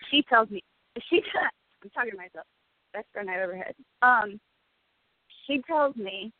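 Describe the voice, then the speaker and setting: A woman's voice: mid-range voice, animated, a little slow, long pauses, dry recording. A woman in her forties, a radio guest, speaking candidly and emotionally and swearing freely. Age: 40s. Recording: tinny phone-like dry sound.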